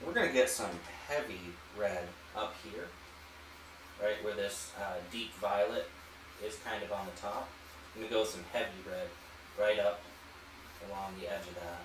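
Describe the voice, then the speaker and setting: A man hosting an art channel, walking through a painting demonstration in a relaxed way and thinking aloud as he works. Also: lowish voice, normal speed, echoey room, noisy background. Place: home art studio.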